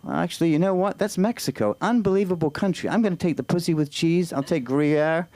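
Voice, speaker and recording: A man with an English accent doing stand-up at an open mic, chatty and halting as he tries out new lines. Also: on the high side, darkish tone. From Britain. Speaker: stand-up comic. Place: small comedy club stage.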